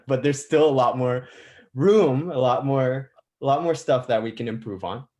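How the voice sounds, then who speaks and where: A man's voice: medium pitch, a little slow, darkish tone. A young adult man actor on a press panel, telling stories with restarts and chuckles. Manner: storytelling, repeats words, chuckles. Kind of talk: virtual press conference answer.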